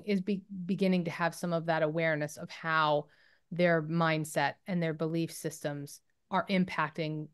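A woman's voice: fairly low pitch, smooth. A woman occupational therapist explaining her work in a casual interview, thoughtful with many fillers and restarts.

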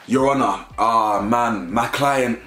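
A man's voice: mid-range voice, slow pace, sharp tone. Mock impression: a smarmy pleading male lawyer, as a man puts him on, echoey room.

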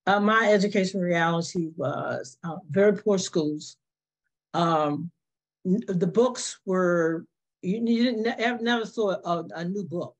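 A woman's voice: on the low side, measured pace. A woman on a panel answering questions in a hesitant, conversational way, restarting often as she talks. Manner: hesitant, many fillers and restarts.

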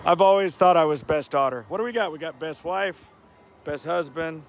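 An excitable, joking man vlogs as he walks busy city streets, his voice sitting a touch high. Traffic and street noise run clearly behind him the whole time. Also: moderate pace. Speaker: vlogger. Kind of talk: casual vlog walk-and-talk.

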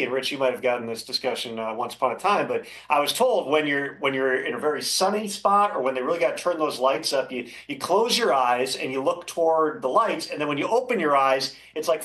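A man working as a football insider, giving measured, thoughtful analysis as an interview guest, with frequent fillers. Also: a little high, a bit bright. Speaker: NFL insider.

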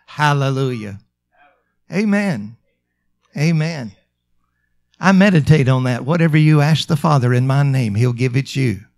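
A man preaching a sermon, drawing out some phrases slowly and rising to emphatic calls. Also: mid-range voice, expressive, creaky, darkish tone. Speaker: pastor.

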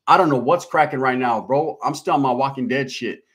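A man's voice: medium pitch, a little fast, fairly bright tone, breathy edge. A man hosting a casual livestream, reading out viewer comments in a slangy, laid-back way. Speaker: livestream host.

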